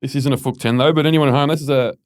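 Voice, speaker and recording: A man hosting a casual podcast, animated and swearing freely. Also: medium pitch, racing. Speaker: podcast host.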